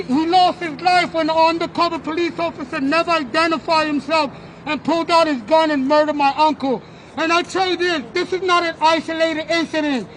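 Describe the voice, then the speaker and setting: A man's voice: extremely high pitch, fairly bright tone, slight background noise, rough recording. A man speaking at an outdoor street protest, delivering a fervent rally speech into a microphone, repeating words as he builds.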